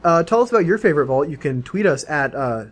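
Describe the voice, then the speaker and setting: A man's voice: a little high, big pitch swings, fast. A man co-hosting a casual gaming podcast, chiming in with details and corrections. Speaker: podcast co-host.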